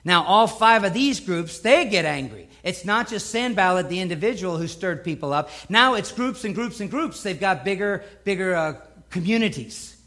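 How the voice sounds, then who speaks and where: A man with a notably high voice delivers a sermon from the pulpit. He preaches emphatically, stacking points and repeating phrases to drive them home. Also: lively intonation, normal speed, pushed and bright. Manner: emphatic, building repetition.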